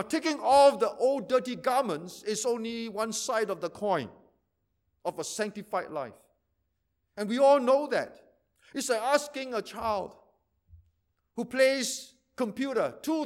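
A pastor preaching a sermon, repeating phrases for emphasis and swinging from loud to quiet. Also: male voice, high-pitched, a little slow, long pauses.

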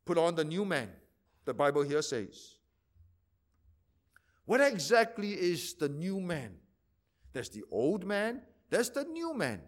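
A pastor preaching a sermon, repeating phrases for emphasis and swinging from loud to quiet. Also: male voice, fairly high pitch, very animated, slow pace, long pauses.

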